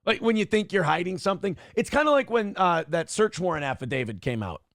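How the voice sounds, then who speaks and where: A man with a gravelly, fry-laden voice tells stories in a casual chat, swinging his pitch all over the place. He swears freely and acts out what others said with sudden jumps in his voice. The sound is close and dry, with no room around it. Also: very animated, fast talker, fairly bright tone, dry recording. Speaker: podcast host.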